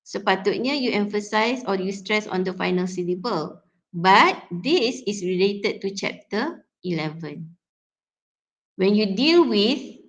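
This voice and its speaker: A woman's voice: mid-range voice, poor audio. Malaysian woman giving a lecture. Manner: mixes English with Malay, many fillers. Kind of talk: recorded tutorial lecture.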